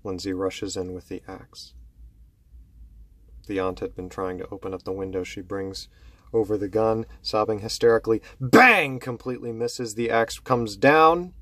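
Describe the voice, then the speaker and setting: A man telling a horror story slowly and dramatically, dropping low and hushed to build tension. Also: steady tone, no room sound.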